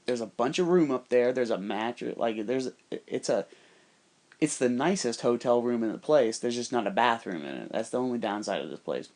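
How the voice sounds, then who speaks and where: A man's voice: medium pitch, moderate pace. A man telling a personal story in a casual, rambling monologue, swearing constantly and acting out the voices of other people. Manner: profane, rambling, animated quoting of others. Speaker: podcast storyteller.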